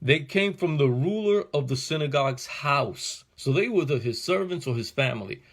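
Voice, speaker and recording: A man's voice: fairly high pitch, normal speed. A male pastor teaching a Bible passage verse by verse, speaking in a casual, slangy way that rises into fervent preaching. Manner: casual, slangy, animated, building to fervor.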